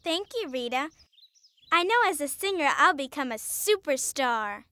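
A woman's voice: sits high, expressive, normal speed. A woman voicing a vain, cheerful female cow in a dubbed cartoon, proud of her off-key singing. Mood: smug. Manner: proud, self-assured, breaks into loud opera singing. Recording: children's music under the voice. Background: children's music.

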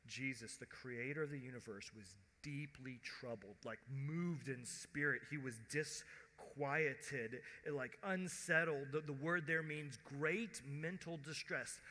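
A man preaching a sermon as pastor, conversational, acting out quoted voices and dropping to a hush at tender moments. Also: mid-range voice. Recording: long church hall reverb.

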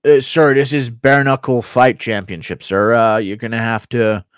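A man playing a courteous official who explains the rules patiently and politely. His delivery is even and formal, with a dry, close sound. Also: mid-range voice, normal speed, clear, resonant tone, no room sound, pitched below the performer's own voice, natural voice. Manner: calm, deferential, repeats "sir".

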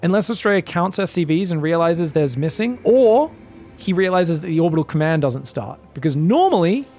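A man casting a live esports match, excitable and joking, shouting out at big plays. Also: on the high side, moderate pace, faint music behind. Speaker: esports caster. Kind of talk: live game commentary.

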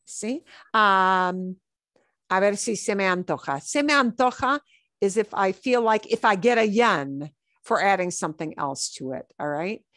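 A woman teaching a Spanish class, explaining phrases slowly and checking in with the class. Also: mid-range voice, animated, fairly bright tone, no room sound, studio quality. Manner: explains words slowly, with checks like "okay?" and "right?". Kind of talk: classroom explanation over a played lesson video.

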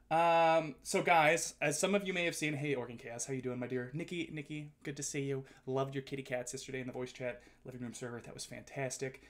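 A man's voice: medium pitch, fairly even intonation, fairly quick, hardly any pauses. A man streaming live, chatting casually and playfully with his viewers, reading their messages aloud and joking back.

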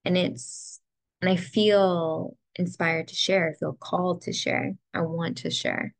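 Slow, gravelly-voiced young woman vlogging. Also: on the low side, steady tone, no room sound. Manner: slow, soft and heartfelt, close to tears. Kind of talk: reflective personal vlog. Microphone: ring light setup, camera close to face.

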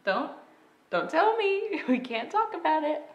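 A woman's voice: high-pitched, very animated, unhurried, reverberant. A woman co-hosting a casual board game playthrough, playful and chatty, tossing in robot beep-boop noises. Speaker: co-host.

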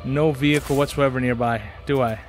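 A man's voice: mid-range voice, steady tone, fairly quick, a little hiss or hum. A man hosting a gaming channel, giving casual commentary as he plays and talking himself through each step, often repeating his words. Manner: talks to himself while playing, repeats phrases. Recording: game music and engine sounds behind. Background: game music and vehicle sounds.

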